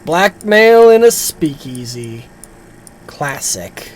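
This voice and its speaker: A woman streaming a game, chatting casually and getting excited as she plays. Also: deep voice, takes it slowly, noisy background.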